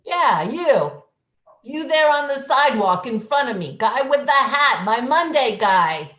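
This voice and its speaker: A woman doing a pushy, wisecracking stoop-sitter who heckles everyone walking by, with lively swings in her higher voice. She speaks slowly, and the room behind her sounds echoey. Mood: sardonic. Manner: pushy, sardonic street heckling. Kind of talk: improvised comedy reading. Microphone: video call.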